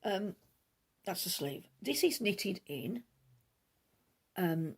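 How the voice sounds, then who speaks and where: Gravelly chatty woman. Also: mid-range voice, lively intonation. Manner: rambling, chatty, talks quickly with many asides. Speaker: knitting podcast host. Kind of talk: casual chat.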